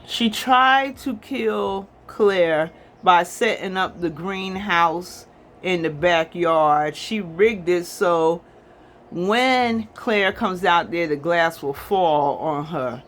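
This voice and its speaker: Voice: medium pitch, slow, a bit bright. A movie reviewer casually recapping a film's plot in a rambling, chatty way, talking to viewers as y'all.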